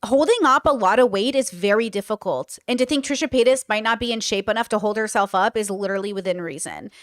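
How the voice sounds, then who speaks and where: A woman's voice: mid-range voice, fast, no echo, studio quality. A young woman giving casual, opinionated commentary with many fillers as host of a reaction show. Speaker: host reacting to a podcast clip.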